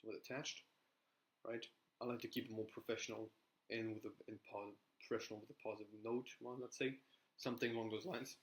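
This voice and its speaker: A young man gives sales coaching in a loose, rambling style, ending points with "right?" and starting sentences over. His voice sits lowish and level, and he moves briskly. The recording is rough, suited to casual talking-head advice.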